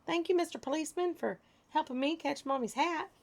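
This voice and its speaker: A woman's voice: high voice, brisk, gravelly, voice pushed up. A woman voicing a determined little boy in a children's story, earnest and insistent. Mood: grateful.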